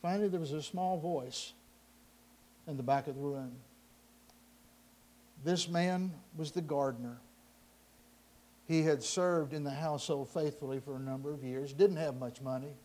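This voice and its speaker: A man telling a story dramatically, swinging between loud passages and hushed ones. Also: on the high side, moderate pace, pauses often.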